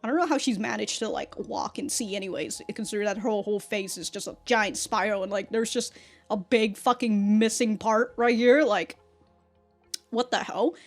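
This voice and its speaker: A woman hosting a casual anime reaction, excitable and profane, often laughing. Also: medium pitch, normal speed, soft background music.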